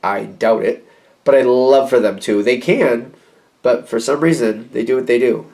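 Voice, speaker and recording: A man giving a casual tarot reading, animated and repeating phrases as he acts out quoted reactions. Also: mid-range voice, normal speed, gravelly. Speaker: tarot reader.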